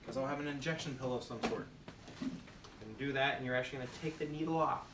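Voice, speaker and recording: Speaking fast in a mid-range voice, a male nursing instructor drills points by repetition and quizzes the class during a demonstration lecture. The recording is very noisy, captured from afar in an echoey room.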